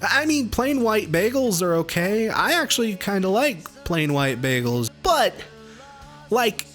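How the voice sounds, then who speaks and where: Slow, exasperated man ranting. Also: high-pitched, faint music behind. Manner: exasperated, swearing, deadpan complaints. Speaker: album review host. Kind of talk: profane comedic music review rant.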